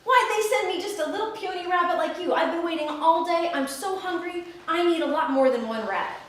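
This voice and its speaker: Play it as a woman putting on a proud, cranky lion king from a children's tale who barks out demands, pitched high and heard from far off in a very echoey hall. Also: fairly quick. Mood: impatient. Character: lazy, grumpy male lion king, hungry and proud.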